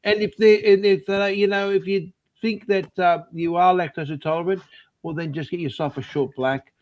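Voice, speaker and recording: A man's voice: high voice, steady tone, normal speed. A man in a casual podcast chat, starting hesitantly with fillers and restarts before venting exasperated complaints. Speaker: podcast co-host. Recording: dull lo-fi recording.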